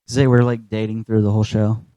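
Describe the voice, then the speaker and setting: A man co-hosting a casual comedy podcast, rambling through his pitch and laughing at his own jokes. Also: little pitch movement, quick pace, dark tone, no room sound, highs cut off. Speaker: podcast co-host.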